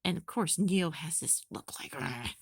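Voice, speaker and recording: A woman fan reviewer giving a casual recap. She is excitable and rambles with lots of fillers. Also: fairly low pitch, normal speed, gravelly, slightly rough, no echo.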